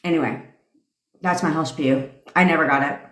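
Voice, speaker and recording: Profane, laughing female life coach on a live stream; lower voice, echoey room. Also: normal speed, fairly bright tone. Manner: profane, brash and laughing, tangents and impressions. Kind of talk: casual live-stream rant.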